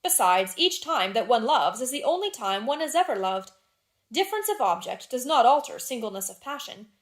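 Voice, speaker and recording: A woman reading the part of a witty, cynical aristocratic gentleman in a classic novel, delivering dry epigrams. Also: on the high side, very animated, normal speed. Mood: drily witty. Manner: dry, epigrammatic drawing-room wit.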